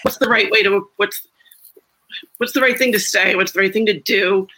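A woman's voice: mid-range voice, steady tone, normal speed, pushed and bright, low-quality recording. A woman talking reflectively in a casual group chat over a video call, with many restarts. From United States. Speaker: guest.

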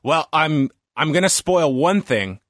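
A man's voice: a little high, expressive, unhurried, a bit bright, no echo, studio quality. A man hosting a podcast, chatting casually and enthusiastically with his guest. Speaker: podcast host. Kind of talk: casual interview chat.

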